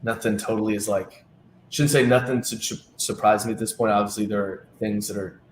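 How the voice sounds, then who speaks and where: A man's voice: fairly low pitch, brisk, a little hiss or hum. A man, a team's travel director, telling stories in a casual interview and acting out the dialogue. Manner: animated anecdotes, acting out quoted dialogue. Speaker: team travel director, guest. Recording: echoey room with faint ambience.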